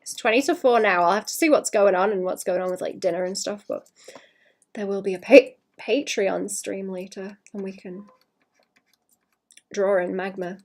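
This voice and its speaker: A woman streaming herself drawing, chatting casually in a rambling way that trails off and drops to a quiet murmur. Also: mid-range voice, fairly even intonation, moderate pace. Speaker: art streamer. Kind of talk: casual live-stream chat while drawing.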